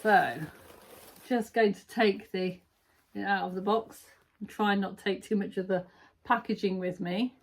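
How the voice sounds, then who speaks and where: A woman talks through a sewing subscription box at home, chatty and full of little asides and ums. Her voice sits at an ordinary middle pitch, and she gushes over each item as she pulls it out. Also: fairly even intonation, a little slow. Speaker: sewing vlogger. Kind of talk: casual unboxing chat.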